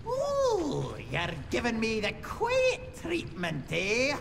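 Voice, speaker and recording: A blustery owl conductor. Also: male voice, very high voice, wildly swooping pitch, slow pace, vocal fry, heavily acted. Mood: suspicious. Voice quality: rolls his R's, dialect speech. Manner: blustery, indignant, theatrical. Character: cranky old male owl train conductor. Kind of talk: video game voice acting. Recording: reverberant noisy game audio.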